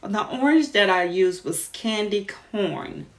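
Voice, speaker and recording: A woman's voice: mid-range voice, lively intonation, slow, a bit bright. A woman vlogger chatting casually, retelling a story while doing her makeup.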